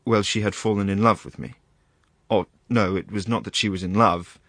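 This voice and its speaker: A man's voice: on the low side, fairly even intonation, normal speed, a bit bright, no room sound. A man reading the part of a rambling, embarrassed country doctor, hesitant and full of asides. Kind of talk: audiobook reading.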